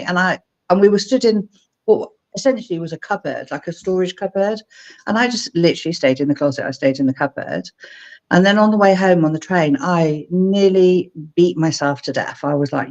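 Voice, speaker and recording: A middle-aged woman from England, a guest on a video-call interview, telling animated stories and acting out her own past lines. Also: fairly low pitch, a little fast, dull audio. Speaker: guest, speaker mentor. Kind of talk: casual interview chat.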